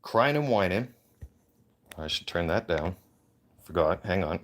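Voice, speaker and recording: Holding his phone up on a livestream, a veteran streamer delivers a heated, profane rant. His voice sits low and is expressive, yet his pace stays measured.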